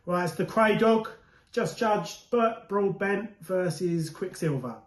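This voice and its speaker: A man's voice: high-pitched, takes it slowly. A man judging a rap battle, talking through his verdict in a hesitant, rambling way. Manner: hesitant, rambling, many fillers and restarts. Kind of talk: judge's verdict to camera. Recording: echoey room.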